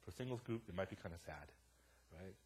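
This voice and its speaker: A young adult man preaching a sermon in a church, casual and joking as he tells stories, swinging from quiet asides to loud, animated bursts. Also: low-pitched, brisk, husky. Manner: casual, joking storyteller with a wide swing in loudness. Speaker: pastor. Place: church sanctuary.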